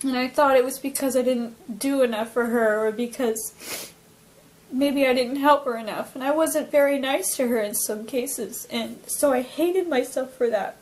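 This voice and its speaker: A young woman from Alaska recounting a personal near-death experience, talking in an emotional, halting way with many fillers and restarts. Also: high-pitched, poor audio. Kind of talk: personal testimony, casual storytelling.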